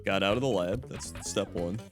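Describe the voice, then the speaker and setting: A man's voice: low voice, normal speed, over music. A man streamer chatting casually and telling stories, laughing often. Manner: laughs often, animated storytelling. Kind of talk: casual chat on a livestream.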